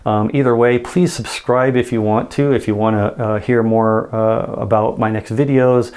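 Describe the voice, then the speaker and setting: A man's voice: on the low side, fairly even intonation, moderate pace, a little mellow, clean tone. A man teaching sales communication in a casual monologue, acting out example dialogues with frequent restarts.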